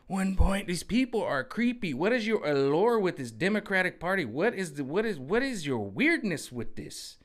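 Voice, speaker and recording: A man delivering a sarcastic, animated political rant as a vlogger, acting out voices of others. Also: on the high side, fairly quick, hardly any pauses. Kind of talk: ranting political commentary monologue.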